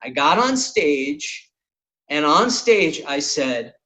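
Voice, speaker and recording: Animated, swearing male comedian telling stories. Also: on the high side, takes it slowly. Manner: animated, swearing anecdote teller. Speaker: podcast host and comedian. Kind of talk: casual storytelling chat.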